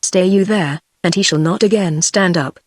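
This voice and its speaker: A woman's voice: lowish voice, dry recording, studio quality, natural voice. A text-to-speech voice of a woman with a British accent, reading the lines of a cool, commanding young queen in an audiobook. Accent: British English. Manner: even, measured synthetic delivery.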